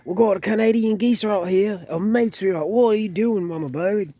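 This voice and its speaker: A man's voice: sits high, moderate pace, mellow, no echo, pitched above the performer's own voice. A man putting on an exaggerated wildlife show host voice, drawn out and announcing. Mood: hammy. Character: over-the-top male wildlife show host.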